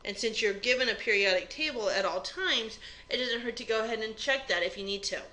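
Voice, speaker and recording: On a rough recording, a woman with a higher, sharp voice talks briskly. As a chemistry instructor in a recorded exam review lecture, she goes through things step by step, keeping it plain and conversational.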